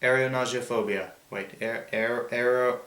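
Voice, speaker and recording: A man's voice: mid-range voice, steady tone, moderate pace, a bit bright. A man hosting a casual comedic chat, joking and reading out a list in a mock-formal drawl. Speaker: host. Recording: echoey room.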